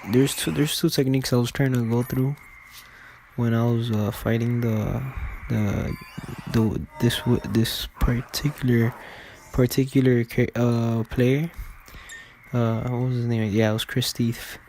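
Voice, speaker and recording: A man's voice: mid-range voice, little pitch movement, a little slow, a little mellow, slight background noise. A man giving casual, rambling commentary over a game video, full of fillers and restarts.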